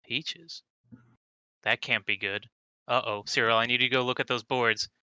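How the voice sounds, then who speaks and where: Bright, crisp-voiced tabletop player. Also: male voice, medium pitch, fairly even intonation, normal speed, no room sound, rough recording. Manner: playful, talks his way into schemes. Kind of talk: in-character tabletop role-play.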